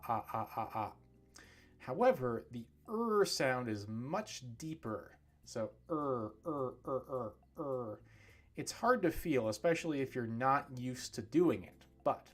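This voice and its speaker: Slow, deliberate male English coach. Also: mid-range voice. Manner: slow, clear over-articulated demonstrations. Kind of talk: livestream English lesson.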